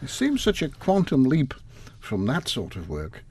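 A man's voice: mid-range voice, huge pitch swings, a little slow, a little mellow, breathy edge. A man interviewing a guest, asking short questions and murmuring agreement. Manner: brief prompts and murmured agreement.

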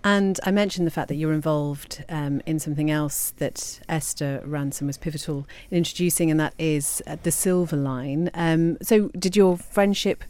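Quick-asking radio interview host. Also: mid-range voice, steady tone, darkish tone, clean tone.

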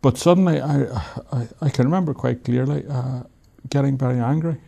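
An Irish man with a gravelly, mellow voice tells his own story in an interview. He sounds reflective and wry, and a laugh often slips into his words. His speech stays easy and unhurried, like someone thinking back as he goes. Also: mid-range voice. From Ireland. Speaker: author and interview guest.

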